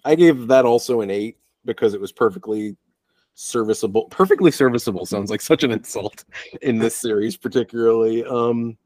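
A man's voice: mid-range voice, normal speed, darkish tone, no room sound. A young man co-hosting a podcast, chatting casually about a film, rambling and restarting his sentences with the odd profane aside. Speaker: podcast co-host. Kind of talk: casual film review chat.

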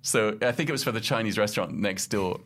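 A man's voice: on the low side, fast, fairly bright tone. Wry middle-aged man telling stories. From London and Casablanca. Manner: chatty storyteller, wry and self-mocking, laughs often. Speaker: podcast host and guest. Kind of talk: casual interview chat.

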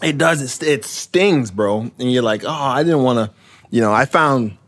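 A man's voice: medium pitch, animated, moderate pace, a bit bright. A man hosting a podcast, chatting loosely and joking, with lots of fillers and laughter. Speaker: podcast host. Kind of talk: casual chat.

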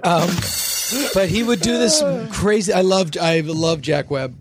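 A man telling lively anecdotes in a casual podcast chat. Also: high-pitched, measured pace, over music. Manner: animated anecdote-teller.

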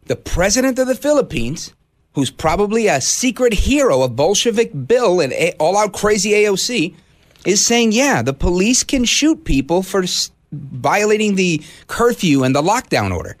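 A man hosting a talk radio show from a studio, delivering an indignant, animated monologue. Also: high-pitched, normal speed.

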